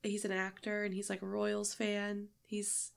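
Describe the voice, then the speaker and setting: Gravelly-voiced woman podcast host. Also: mid-range voice, monotone, unhurried. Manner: rambling, swearing, giggly. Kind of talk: casual podcast chat.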